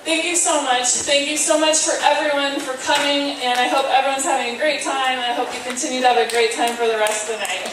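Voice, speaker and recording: A woman's voice: high voice, fairly even intonation, fast talker, hardly any pauses. A woman volunteer giving an earnest, grateful thank-you speech at a fundraiser, with hesitant fillers, recorded from a distance in a hall. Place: indoor event hall at a fundraising concert. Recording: very echoey hall, from far off, noisy.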